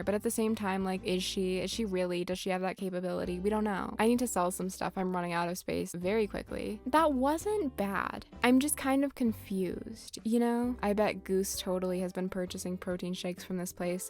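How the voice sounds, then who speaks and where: Woman, gaming vlogger, casual commentary, sarcastic, dramatic, mid pitch, faint game music. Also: a little mellow. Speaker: gaming YouTuber.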